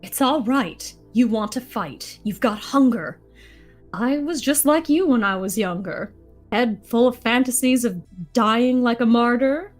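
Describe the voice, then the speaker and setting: A woman's voice: fairly high pitch, a little slow, faint music behind, close to an everyday voice. A woman voicing a weary adult male general leading outnumbered troops, delivering the lines in a rhythmic, rap-like way. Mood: earnest. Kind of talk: live dramatic read-through of a musical.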